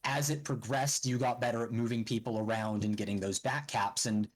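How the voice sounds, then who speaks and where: A man, a team leader, explaining how a match was won in a measured, analytical way. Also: medium pitch, steady tone, rough recording. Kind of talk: casual esports chat.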